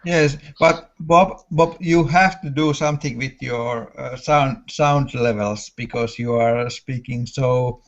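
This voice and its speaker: A man in a casual online voice chat, talking haltingly and searching for words. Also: medium pitch. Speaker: gun owner in an online voice chat. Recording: muffled voice-chat audio.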